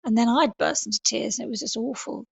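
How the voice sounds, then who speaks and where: A middle-aged woman, a podcast guest, talking in a thoughtful, halting way with many fillers and restarts. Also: on the high side, creaky, slightly rough, no room sound. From England. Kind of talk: podcast interview.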